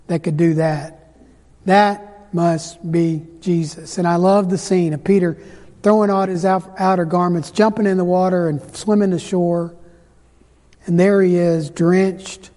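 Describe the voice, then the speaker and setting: A man preaching a sermon, retelling scripture with dramatic pauses and slowed emphasis. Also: high-pitched, warm tone. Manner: dramatic storytelling, slows for emphasis. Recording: hall reverb.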